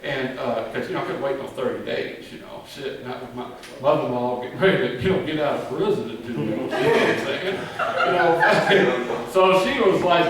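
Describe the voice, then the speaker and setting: A man's voice: medium pitch, moderate pace. A man doing a crude, rambling stand-up monologue, swearing a lot and laughing at his own jokes. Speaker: stand-up comedian. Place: live comedy venue. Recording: echoey live room from far off. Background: crowd.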